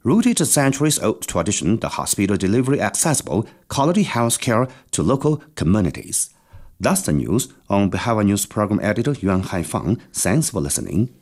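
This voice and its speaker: Man presenting news with a lively voice. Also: fairly low pitch, normal speed. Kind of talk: scripted news reading.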